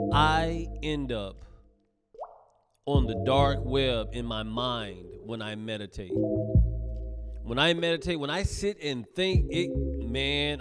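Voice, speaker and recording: A man, a comedian hosting his own podcast, talks in a rambling, profane solo monologue that keeps breaking off and restarting. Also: medium pitch. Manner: rambling, profane, self-interrupting.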